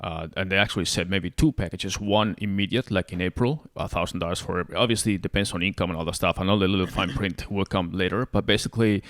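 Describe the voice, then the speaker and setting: A man co-hosting a casual podcast discussion, talking quickly with lots of hesitant fillers. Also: low-pitched, no room sound, clean studio sound. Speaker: podcast co-host.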